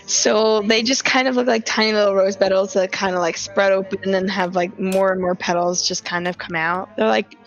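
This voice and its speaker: A woman's voice: medium pitch, fairly even intonation, normal speed, few pauses. A woman playing a tabletop role-playing game, chatty and giggly as she describes her character's actions. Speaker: player. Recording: slightly dull lo-fi audio with faint music.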